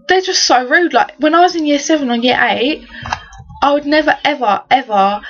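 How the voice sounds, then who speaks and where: A woman's voice: sits high, moderate pace, a bit bright. A teenage girl from England, telling stories in an exasperated, slangy rant for a vlog. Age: teens. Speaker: vlogger. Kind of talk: casual ranting story. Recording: dull lo-fi webcam audio.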